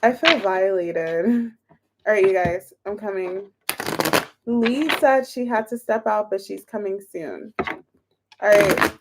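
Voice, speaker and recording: A woman's voice: medium pitch, slow, pauses often, very noisy. A woman reading tarot on a livestream, counting aloud as she shuffles and chatting casually with her viewers. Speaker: tarot reader.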